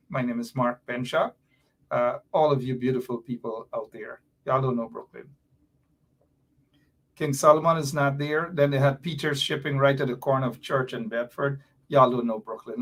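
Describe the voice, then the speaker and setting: A man hosting a live-stream political commentary show, animated and repetitive, teasing his viewers. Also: medium pitch. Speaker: show host.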